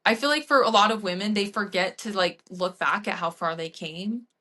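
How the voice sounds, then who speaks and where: A woman fitness coach hosts a podcast, chatting casually and telling stories with plenty of "like" and acted-out quotes. Her voice is mid-range and moves at a moderate pace, and her delivery is animated.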